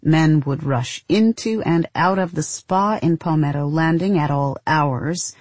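A woman narrating a first-person story in a measured, intimate, deadpan way. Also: deep voice, dry recording.

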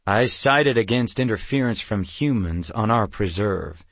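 A man's voice: fairly low pitch, animated, measured pace, fairly bright tone, no echo, full character voice. A man voicing a grim antlered male beast-man chieftain who speaks in cold, formal sentences. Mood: stern.

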